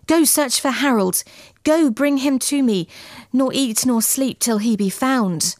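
A woman's voice: a little high, lively intonation, normal speed, no room sound, studio quality, voice pushed up, natural voice. Urgent young noblewoman, read by a woman. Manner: urgent, pleading archaic speech.

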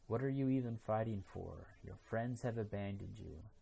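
A man's voice: lowish voice, normal speed, vocal fry, dark tone, a little hiss or hum. A man reading the part of a scheming, lonely old ghost master in a taunting tone.

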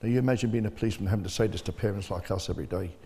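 A man's voice: lowish voice, very fast, mellow, a little hiss or hum. An older man, bluntly telling his personal story as an interview guest. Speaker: bereaved father, interview guest. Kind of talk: personal testimony. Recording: long hall reverb.

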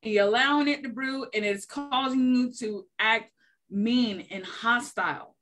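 A woman's voice: a little high, measured pace, a bit bright. A woman in a faith discussion who explains her points steadily, listing them one after another. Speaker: panelist.

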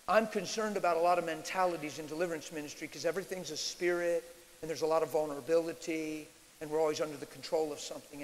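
Male preacher, high-pitched and bright, animated, occasionally shouts, live in a reverberant church hall. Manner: animated, shouts and mimics screams. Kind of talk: sermon Q&A. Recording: reverberant hall with faint hiss.

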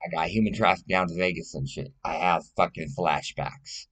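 Deep voiced guy ranting to camera, swears a lot, emotional and rambling. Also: moderate pace, a bit bright. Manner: blunt, profane, rambling; emotional, pleading. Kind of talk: casual personal monologue.

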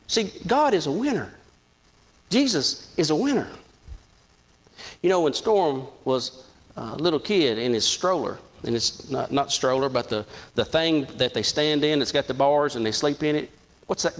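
A man's voice: on the high side, sing-song, normal speed. A middle-aged man preaching a sermon, telling folksy stories with lots of repetition. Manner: storytelling, repeats himself, folksy.

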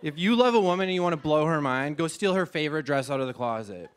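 High-voiced man doing stand-up. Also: lively intonation, fast talker, smooth. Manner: self-mocking, acts out voices of objects. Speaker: stand-up comedian. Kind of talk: stand-up comedy set. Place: TV studio stage with live audience. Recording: audience laughter and studio noise. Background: audience laughing.

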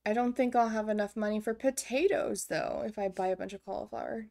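Speaking fairly quickly in a darkish, mid-range voice, a young woman chats her way through a farming game on stream. She's talkative and self-mocking, often losing her train of thought, while faint game music plays behind her.

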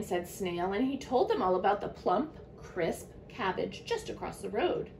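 A woman teacher reading a children's picture book aloud to young listeners, in an expressive storytelling manner. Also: medium pitch, a little slow, a little hiss or hum.

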